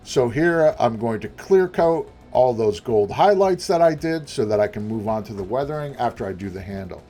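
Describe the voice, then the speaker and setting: A man's voice: mid-range voice, a little mellow. A man narrating a prop-making tutorial voice-over in a chatty, self-deprecating, rambling way with frequent restarts. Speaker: prop maker.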